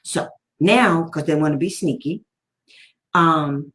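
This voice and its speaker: A woman's voice: sits low, takes it slowly, long pauses, a bit bright, echoey room. A woman special education advocate telling a story in casual talk, blunt and sarcastic, often laughing.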